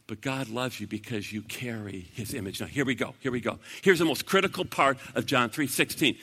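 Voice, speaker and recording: A man preaching an evangelistic sermon to a live audience, swinging from loud bursts to hushed, earnest talk. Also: medium pitch, moderate pace, hardly any pauses. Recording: long reverb of a large hall.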